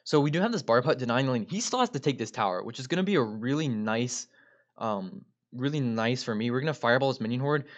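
A man narrates his gameplay in an upbeat play-by-play style, calling out each move as he makes it and regularly speaking straight to his viewers. His voice sits at an ordinary middle pitch for a man. The recording sounds a little dull and lo-fi. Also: expressive, fast. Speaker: gaming video creator. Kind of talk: gameplay commentary.

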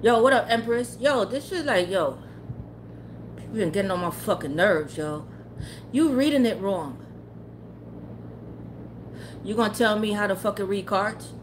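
With a noisy background, a tarot livestreamer speaks in an animated, unhurried mid-range voice broken by long pauses. She rants to her chat in casual, blunt, profane and heated fashion, laughing a lot.

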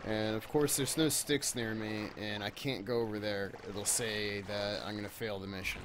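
A man's voice: lowish voice, fairly even intonation, normal speed, noisy background. Exasperated swearing gamer man. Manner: exasperated, swears often, talks to the game. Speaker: gameplay commentator. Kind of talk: let's play commentary.

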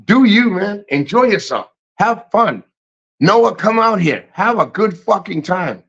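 A man's voice: high voice, lively intonation, measured pace, fairly bright tone, breathy edge. A man hosting a casual livestream, reading chat and giving blunt, profane motivational rants. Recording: muffled lo-fi stream audio.

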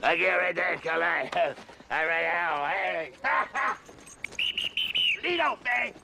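Mumbling high gravelly lad. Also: male voice, animated, extremely slow, bright, forceful tone, a little hiss or hum, heavily acted. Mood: eager. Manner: garbled, mumbled speech.

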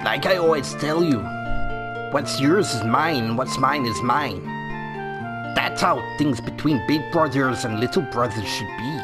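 A man's voice: medium pitch, unhurried, loud music behind the voice, natural voice. A man voicing a brash big brother in a video game with a growling pro-wrestler impression that strains his throat. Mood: boastful. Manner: gravelly wrestler impression, drawn out.

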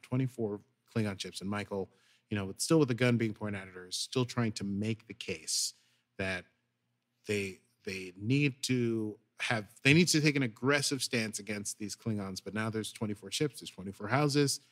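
A podcast co-host recaps an episode in casual chat, animatedly acting out the characters' lines. His voice is on the low side and he speaks at a moderate pace.

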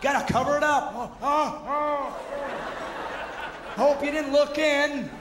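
A man performing energetic, mocking stand-up comedy on stage, acting out the voices he quotes. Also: very high voice, slow, a crowd in the background. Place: theater stage before a live audience. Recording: roomy hall with audible audience noise.

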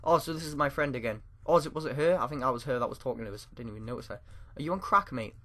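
A man's voice: medium pitch, rapid-fire, fairly bright tone. A man giving let's play commentary into a desk mic, swearing and yelping at scares while reading game text aloud. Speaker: gamer.

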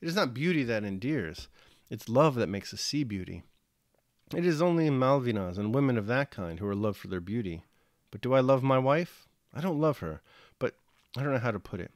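A man's voice: mid-range voice, sing-song, brisk, no room sound, studio quality. A man voicing a nobleman husband and father in a novel reading, blunt and affectionate in turn. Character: warm, gruff landed nobleman, husband and father.

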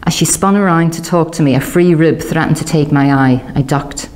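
Low lady reading a novel out loud, perks up for the dialogue. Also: moderate pace. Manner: reads dialogue with lively, raised character voices. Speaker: audiobook narrator. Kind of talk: audiobook reading.

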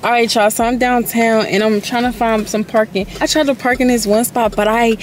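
A woman's voice: on the high side, steady tone, fairly quick, slight background noise. A young woman vlogging to her viewers while driving around and walking city streets, chatty and full of slang, calling her audience y'all. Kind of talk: casual vlog chat to camera.

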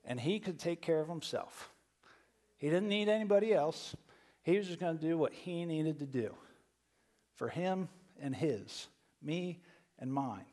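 A pastor delivers a sermon in a conversational way, often doubling words as he starts a thought. His voice sits a little higher than most men's. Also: expressive, measured pace, mellow. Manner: conversational preaching, repeats words when starting phrases.

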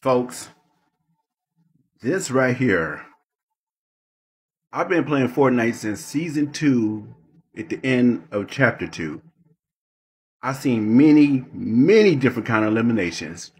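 Husky man, mock-dramatic streamer rant. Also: medium pitch, sing-song, takes it slowly, pauses often. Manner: theatrical, mock-emotional, repetitive emphasis. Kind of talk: mock-dramatic gaming commentary.

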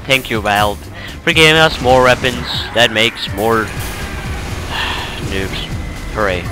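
Man from norway, tired, rambling game commentary, very slow, game music under it. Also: medium pitch, expressive. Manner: rambling, self-correcting, chuckling. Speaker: let's play gamer. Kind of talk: casual gameplay commentary.

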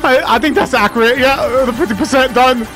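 A man's voice: very high voice, a little fast, sharp tone. A man commenting on his gameplay in a dramatic, emotional, profane way, often talking to himself. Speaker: let's play gamer.

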